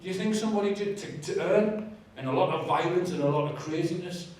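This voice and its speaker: A man's voice: sits high, a little fast. Man telling his story in an echoey church. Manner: animated, self-mocking storytelling with asides. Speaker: speaker sharing his testimony. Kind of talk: testimony talk in church. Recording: echoey church hall, distant mic.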